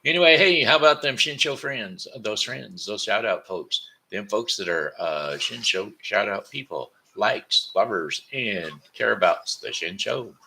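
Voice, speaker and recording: A low-pitched man with a bright, forceful tone. He talks in a tired, rambling way, repeats words and corrects himself as he goes. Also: expressive, a little slow, vocal fry, hardly any pauses, a little hiss or hum. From Missouri, United States. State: tired, sleepy. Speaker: host of a daily home broadcast. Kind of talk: rambling casual monologue. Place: at home.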